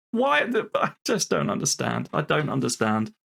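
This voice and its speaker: A man's voice: a little high, wildly swooping pitch, a little slow, gravelly, a bit bright. A young man commenting casually on a football management game he plays, frustrated and swearing, talking to himself and his players. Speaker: video game streamer.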